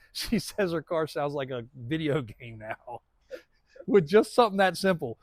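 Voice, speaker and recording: A man's voice: on the high side, no echo. A man in his thirties, a truck shop owner, rambling through a casual walkaround update of his lot, laughing often.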